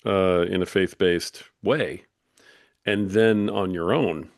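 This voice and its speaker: A man's voice: low-pitched, steady tone, slow pace, vocal fry, no room sound, clean studio sound. A man hosting a podcast, asking long, rambling questions full of "you know" and "uh". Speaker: podcast host. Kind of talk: casual interview chat.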